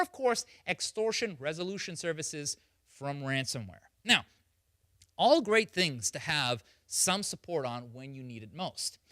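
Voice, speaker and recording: A man presents on security in a chatty, conversational way and keeps putting questions to his listeners. His voice is bright and lively, swinging widely in pitch. The sound is dry and close. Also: dry recording. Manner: animated, conversational, asks the audience questions. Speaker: security speaker.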